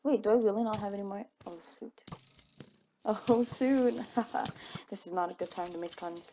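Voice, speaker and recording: A woman's voice: medium pitch, moderate pace, dark tone, a little hiss or hum. A young woman chattering to herself while playing a video game, giggling and exclaiming as things happen. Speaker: gaming video creator. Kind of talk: casual gameplay commentary.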